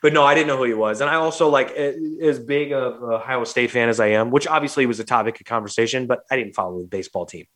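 A man from St. Louis hosts a casual podcast chat at a medium pitch. He tells a rowdy story with lively energy and acts out the other people's lines. He curses freely as he goes. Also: fast, hardly any pauses. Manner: animated, swears freely, acts out quotes. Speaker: podcast host.

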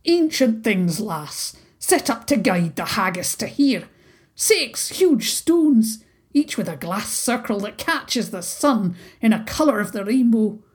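A woman's voice: a little high, very animated, slow pace, breathy edge, full character voice. A woman voicing a scruffy, dramatic male haggis creature with a thick Scottish accent, in a children's storybook podcast. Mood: explaining. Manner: theatrical, sighing.

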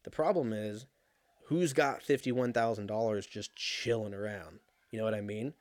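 Young man, casual rambling monologue, cursing, animated storyteller, dry close sound. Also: on the low side, normal speed, dry recording. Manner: profane, animated storytelling, laughs at himself.

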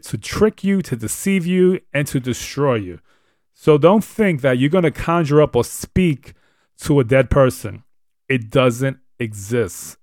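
A man's voice: medium pitch, no room sound, studio quality. A man hosting a live show, teaching on the Bible in an earnest, emphatic, repetitive way. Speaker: host.

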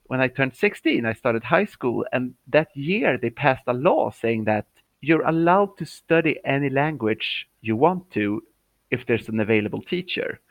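A cheerful man, talking as a guest over a remote call. His voice sits at a medium pitch, and the sound is dry and close with no room echo. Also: expressive, a little slow, creaky, dull audio. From Sweden. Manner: cheerful, laughs often. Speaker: professional clown, guest.

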